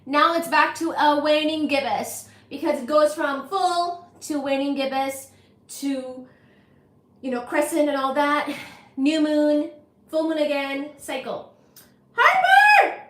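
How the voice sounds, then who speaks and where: A woman hosting a casual livestream, talking in an animated, playful way, greeting viewers in quick repeated bursts and reading out their comments. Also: high voice, echoey room. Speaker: livestream host.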